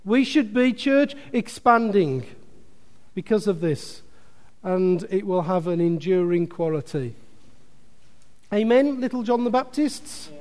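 A man preaching in a high voice that rings through a reverberant hall. He talks with lively emphasis and throws in joking asides to his congregation. The long echo trails after each phrase. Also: slow pace, long pauses. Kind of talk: sermon.

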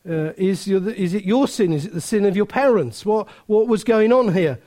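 A man preaching a sermon, telling a story with many restarts and laughter, then turning quieter and earnest. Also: high voice, expressive, moderate pace. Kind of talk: sermon with anecdote.

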